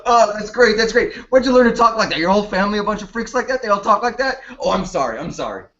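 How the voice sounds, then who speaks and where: A man's voice: high voice, lively intonation, quick pace, fairly bright tone, slight background noise. A man improvising a brash, blunt male morning-show co-host who gets impatient, in a comedy scene over a lo-fi online call. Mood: mocking. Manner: blunt, impatient, breaks into laughter. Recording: dull lo-fi online call audio.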